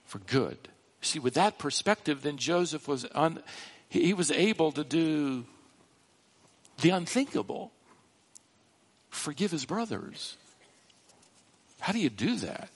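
A man preaching a sermon, slow and emphatic, with dramatic rises in pitch on key words. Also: animated, slightly rough. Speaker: pastor.

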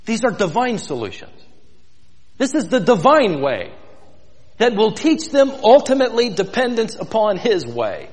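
A man's voice: sits high, sing-song, unhurried, in a large hall. A man preaching an expository sermon, vividly retelling scripture scenes and inviting listeners to imagine themselves there.

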